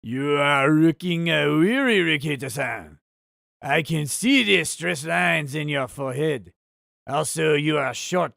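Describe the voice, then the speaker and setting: A man reading a chat message aloud in a put-on Japanese accent, playing a mock-polite male teaser in a slow, exaggerated, halting way. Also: fairly high pitch, vocal fry, fairly bright tone, no echo, clean studio sound, exaggerated voice. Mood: teasing.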